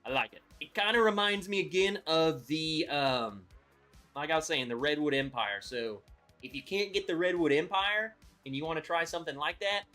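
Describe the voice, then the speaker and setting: A man's voice: a little high, normal speed, pushed and bright, faint music behind. A man hosting a casual live stream, chatty and upbeat, greeting viewers by name as he talks. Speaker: livestream host reviewing whiskey.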